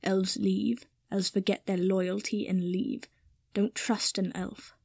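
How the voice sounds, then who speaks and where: A woman voicing a timid, dutiful male house-elf servant, speaking slowly and formally, in a storybook reading. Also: medium pitch, little pitch movement, creaky, darkish tone, husky, no echo, heavily acted. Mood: hushed warning. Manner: slow, formal, self-deprecating speech.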